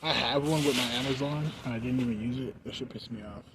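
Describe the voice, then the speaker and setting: A young man vlogging while high on edibles, rambling with many fillers and slurring his words. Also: quick pace. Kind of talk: rambling casual vlog. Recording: noisy background.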